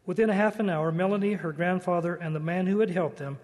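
Earnest high-voiced man in a hall. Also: quick pace, darkish tone. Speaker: church speaker. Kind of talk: devotional talk.

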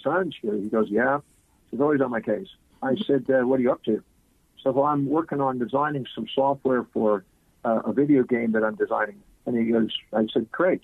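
A man, a guest on a talk program, telling a lively anecdote and acting out the quoted lines. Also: medium pitch, dry recording. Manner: animated anecdotal storyteller, acts out quotes. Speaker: guest speaker. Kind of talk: storytelling in an interview. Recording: husky voice on a tinny phone-like line.

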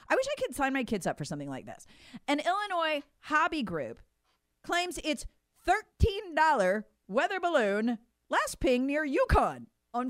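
Woman, middle-aged, political commentary, emphatic, animated, dry sound. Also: high-pitched, dry recording. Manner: emphatic, indignant, sarcastic mock quotes. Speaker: talk show co-host.

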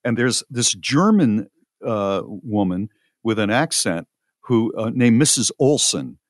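A man's voice: fairly low pitch, lively intonation, takes it slowly, no room sound, studio quality. A man hosting a casual talk show, incredulous and sardonic. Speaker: podcast host. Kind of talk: casual chat.

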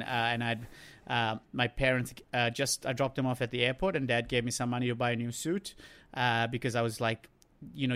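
A man's voice: medium pitch, fairly bright tone, clean tone. A man, a comedian co-hosting a podcast, chatting casually, prompting with questions and often restarting his sentences. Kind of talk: casual chat.

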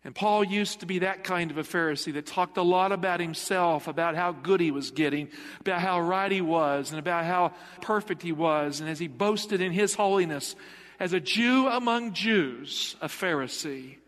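With a high-pitched, fairly bright voice at an ordinary pace, this middle-aged male pastor delivers an emphatic sermon. He poses rhetorical questions to his congregation in the church sanctuary, and the sound carries a long hall reverb.

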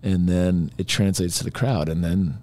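A man's voice: deep voice, moderate pace. A man, a musician guest, telling stories in a casual, rambling chat. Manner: rambling, animated storyteller.

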